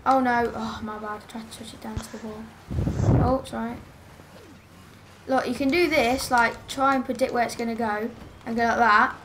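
A woman gives live gameplay commentary into a headset mic. Her voice sits high and she talks quickly and chattily, often exasperated and scolding a teammate. A faint background hiss runs underneath. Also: steady tone. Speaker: game streamer.

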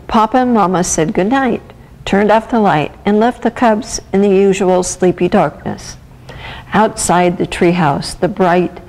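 A woman volunteer reading a children's picture book aloud with gentle, expressive storytelling. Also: mid-range voice, rough recording. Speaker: volunteer reader.

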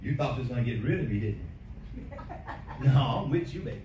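A man's voice: mid-range voice, very animated, fast talker, mellow, slight background noise, voice pushed down, natural voice. A man voicing a male demon who mocks the person he haunts. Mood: taunting. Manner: mocking, gloating. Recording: echoey church from a distance.

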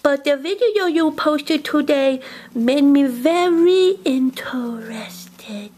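Eerie childlike bed monster, woman voicing it, high voice, very slow, dreamy, slips into whispers. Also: full character voice. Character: creepy childlike monster imaginary friend under the bed. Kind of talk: comic character monologue.

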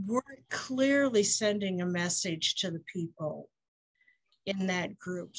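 A woman's voice: medium pitch, a bit bright, no room sound, rough recording. A woman leading a conference workshop on support groups, talking earnestly and asking the group questions. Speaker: workshop facilitator.

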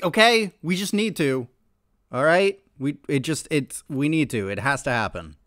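A man hosting a music reaction video, excitable, swearing freely and breaking into shouts. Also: fairly high pitch, normal speed, heavy background noise. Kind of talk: casual reaction commentary.

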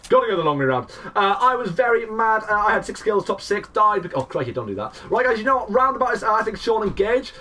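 Fast, lively streamer guy. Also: sits high, far from the mic. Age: 20s. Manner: excitable play-by-play, greeting chat viewers. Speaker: game streamer. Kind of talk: live gameplay commentary.

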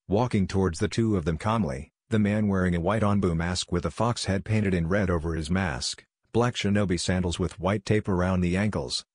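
A man reading fan fiction aloud in an even, steady way. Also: low voice, breathy edge, no echo, clean studio sound. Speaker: narrator.

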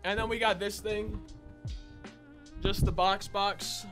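A young gaming YouTuber unboxes a console while chatting casually to viewers, calling them "y'all" and sounding a bit out of breath. His voice is high-pitched and fairly bright, with little pitch movement and a slow pace, and faint music plays behind him.

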